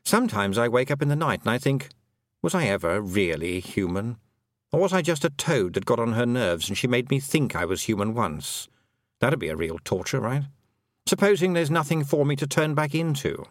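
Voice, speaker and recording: A man's voice: medium pitch, sing-song, normal speed, no room sound, natural voice. Man as a fretful enchanted toad, rambling, dry close recording, storybook. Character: anxious male enchanted toad, once human.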